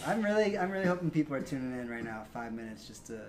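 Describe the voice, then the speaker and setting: A man's voice: mid-range voice, very animated, quick pace, a loud crowd. A man hosting a crude casual podcast, rambling through stories and swearing freely.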